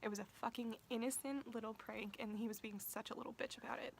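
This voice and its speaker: A young woman vlogger telling a casual storytime, talking fast and swearing freely, saying "like" all the time. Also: a little high, steady tone, gravelly, slight background noise, low-quality recording. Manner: profane, fast-talking, uses "like" constantly.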